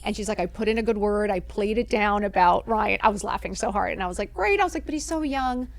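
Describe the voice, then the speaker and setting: A woman chatting as a podcast guest, spinning a lively story at a middling pitch. She acts out the lines of the people in her story with plenty of swearing, in an easy, casual way. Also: fast, gravelly. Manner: animated, acts out quoted dialogue, swears freely.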